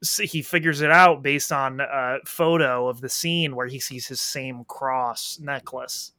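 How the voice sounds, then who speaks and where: Podcast co-host, man, bright and lively delivery, dry close sound, swears freely while riffing on a film. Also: mid-range voice, unhurried, no room sound. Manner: animated, profane, acts out reactions. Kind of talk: casual movie review chat. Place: indoors at home, rain outside.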